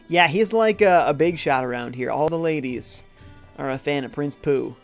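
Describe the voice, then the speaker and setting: A man's voice: a little high, normal speed, soft background music. A man live-streaming a retro game, chatting casually, reading viewer comments aloud and joking along. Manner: upbeat, reads chat comments aloud and jokes.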